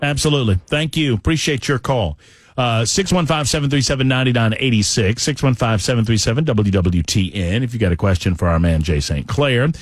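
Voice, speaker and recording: A man's voice: medium pitch, a little fast, no room sound. A man with a Southern accent hosts a radio call-in show and reads out listener questions. He banters in a friendly way. His voice sounds close and dry on a studio mic. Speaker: radio talk show host.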